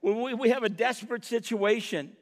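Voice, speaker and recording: This middle-aged pastor has a very high-pitched voice and speaks at a moderate pace. Preaching in a church sanctuary, he rises to impassioned cries mixed with wry humor, and the recording carries a long hall reverb.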